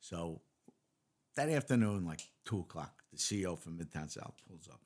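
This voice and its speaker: A very low-pitched older man, spinning a lively anecdote in a casual interview. He plays out the other people's lines as he goes. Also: moderate pace. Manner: animated anecdote teller acting out dialogue. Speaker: retired police lieutenant, guest.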